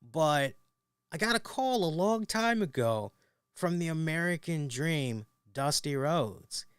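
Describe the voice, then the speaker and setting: A man's voice: a little high, lively intonation, takes it slowly, smooth, no room sound, studio quality. A man hosting a wrestling review show, talking casually and animatedly straight to his viewers, often restarting his sentences.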